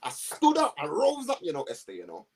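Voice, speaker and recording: A man, telling his story to two hosts in a lively, slangy way, acting out the voices of people around him. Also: high voice, brisk, gravelly. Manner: animated, slangy storytelling with acted-out quotes. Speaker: guest. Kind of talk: storytelling in a conversation.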